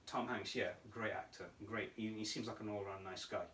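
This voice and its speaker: A man co-hosting a casual podcast, telling stories with animated energy and frequent laughter. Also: fairly low pitch, moderate pace, slight background noise. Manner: animated storytelling, laughs often. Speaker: podcast co-host. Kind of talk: casual chat. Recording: roomy echo, mic at a distance.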